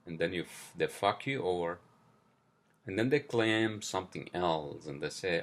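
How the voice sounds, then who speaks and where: A man's voice: low-pitched, very animated, unhurried. A man hosting a solo podcast, venting in a casual, profane, frustrated rant. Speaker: podcast host.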